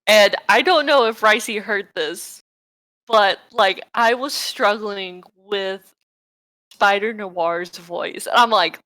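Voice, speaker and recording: A woman co-hosting a casual podcast, chatting in an animated, excitable way and swearing freely. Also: medium pitch, takes it slowly, dry recording, low-quality recording. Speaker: podcast co-host. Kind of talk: casual chat. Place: home, live-streamed podcast.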